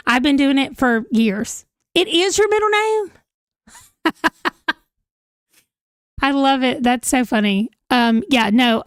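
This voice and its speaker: A woman's voice: a little high, dry recording, clean studio sound. A woman, chatting casually on a livestream at home, giggling as she reacts to viewer comments. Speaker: livestream host. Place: home room, holding a pet.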